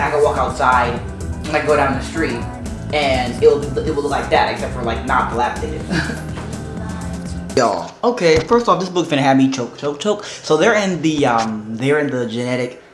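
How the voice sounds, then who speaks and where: Gushing man in an echoey room. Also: medium pitch. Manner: gushing, excitable, heavy use of "like" and "y'all". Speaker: book vlogger. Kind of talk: casual reading vlog. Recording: roomy echo.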